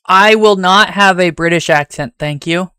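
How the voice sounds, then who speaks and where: A rambling streamer with a Southern US accent. He chats casually to his viewers in a fairly high, smooth voice that sounds dry and close. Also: moderate pace, sharp tone, dry recording. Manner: rambling and chatty, talks straight to chat.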